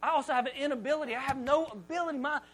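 A man's voice: high-pitched, fast talker, fairly bright tone. A man doing an anxious, stammering Moses. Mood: despairing. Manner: whiny, pleading, stammering. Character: Moses, anxious insecure man who stutters.

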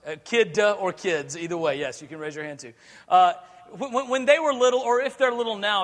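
Male pastor, high bright voice, lively sermon delivery with acted-out bits, echoing church hall. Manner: animated, acts out scenes, laughs often. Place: church sanctuary.

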